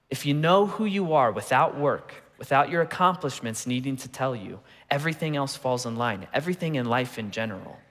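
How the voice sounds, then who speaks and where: A man in his thirties preaching a sermon in a relaxed, conversational way, telling personal stories with humor. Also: on the high side. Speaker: pastor. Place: church auditorium. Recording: long reverb of a large hall.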